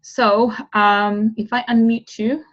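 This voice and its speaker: A woman with a husky, slightly rough voice leads a group over a video call, affectionate and coaxing with her participants. The audio is dull and muffled, as from a laptop mic. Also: fairly high pitch, level tone, takes it slowly, a bit bright. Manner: affectionate, calls people honey and darling. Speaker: manifestation coach and group host. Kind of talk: guided visualization and group video-call chat.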